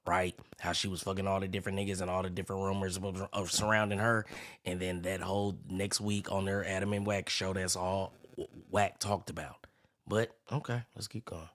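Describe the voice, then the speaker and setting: A man's voice: deep voice, level tone, brisk, fairly bright tone. A man hosting a reaction commentary channel, ranting with indignant energy while playing clips.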